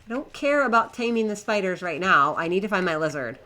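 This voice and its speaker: Bright-voiced young woman streaming a game. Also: medium pitch, lively intonation, fairly quick. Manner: chatty, flustered, talks to herself and her pets. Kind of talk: live gameplay commentary.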